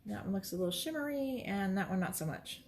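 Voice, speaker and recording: A woman's voice: mid-range voice, expressive, fast, darkish tone, a little hiss or hum. A woman teaching quilting in a casual demonstration, chatty and reassuring as she talks while she works at her sewing station. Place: sewing room, moving between workstations.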